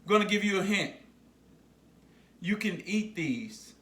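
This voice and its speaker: A man teaching a phonics lesson to young children, slowly repeating words for them to say back. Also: high voice, expressive, a bit bright, reverberant, distant mic.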